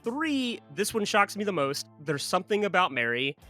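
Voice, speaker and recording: Lively young man, bright animated voice. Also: high voice, normal speed, faint music behind. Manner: animated, laughs often, jokey. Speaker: podcast co-host. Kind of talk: casual movie podcast chat.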